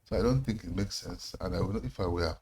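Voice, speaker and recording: A man with a fairly low voice states his views bluntly as a guest on a TV studio panel. His delivery is direct and plainly opinionated. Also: fairly quick, background noise.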